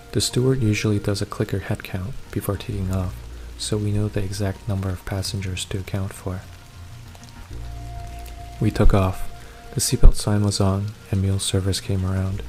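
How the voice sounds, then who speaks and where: A man narrating a first-person horror story in a steady, measured reading. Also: lowish voice.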